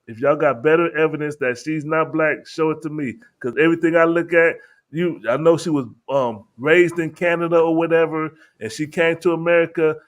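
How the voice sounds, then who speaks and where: A man's voice: a little high, steady tone, a little fast. Emphatic man taking the floor. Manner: emphatic, storytelling, asks for the floor. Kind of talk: heated casual debate.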